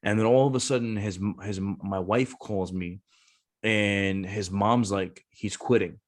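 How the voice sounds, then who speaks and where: A man's voice: lowish voice, steady tone, measured pace. A man, a Marine gunnery sergeant and former recruiter, talking casually on a podcast, blunt and cursing freely as he acts out the voices in his stories.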